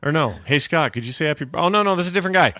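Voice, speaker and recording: Bright-voiced joking male podcast host. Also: a little high, expressive, very fast, no room sound, clean studio sound. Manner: jokey, laughs often, rambling asides. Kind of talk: casual podcast chat.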